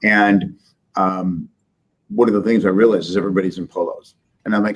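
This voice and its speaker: A man's voice: sits low, fairly even intonation, fairly quick, husky, poor audio. A man from the Midwest, a business owner being interviewed, telling stories in an emphatic, joking, candid way. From Midwest United States. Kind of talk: casual interview storytelling.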